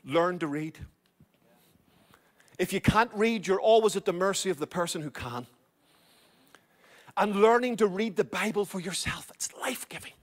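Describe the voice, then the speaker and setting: A man's voice: high voice, expressive, a little slow, pauses often. A middle-aged male pastor preaching a sermon, urging his listeners and repeating key phrases.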